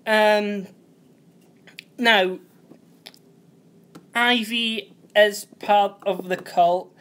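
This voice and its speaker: A man's voice: high voice, a bit bright. A young man, casually recapping a TV episode, rambling and often correcting himself. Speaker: host.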